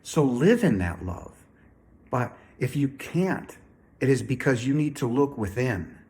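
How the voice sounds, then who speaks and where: A man talks straight to his viewers in an earnest, emphatic way. He repeats phrases and keeps calling out to "ladies and gentlemen." He says he is still a little sick. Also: mid-range voice, animated, a little slow. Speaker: spiritual speaker. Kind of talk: earnest direct-to-camera talk.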